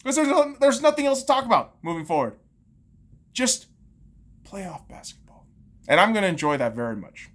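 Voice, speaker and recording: A woman's voice: medium pitch, sing-song, rapid-fire, hardly any pauses. A woman podcast host, in her thirties, on a heated and profane sports rant full of sarcastic jabs.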